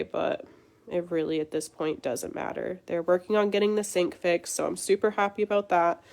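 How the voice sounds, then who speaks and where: A young woman hosts a casual livestream, her voice congested and sore from illness. She talks in a chatty, venting way, low-pitched for a woman, telling her viewers about her frustrations. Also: darkish tone. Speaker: beauty livestream host.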